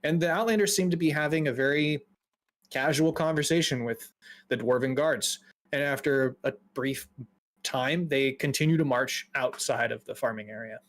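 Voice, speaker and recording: A man narrating a tabletop game as game master, relaxed and descriptive. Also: mid-range voice, moderate pace. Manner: relaxed, laughs often, descriptive.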